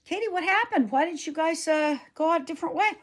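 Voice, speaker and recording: A woman's voice: extremely high pitch, fast, pitched above the performer's own voice. A cheerful, horse-crazy teenage girl, as a woman storyteller puts her on. She urges her friend on in a breezy, bossy way. Her voice stays close to a plain everyday voice.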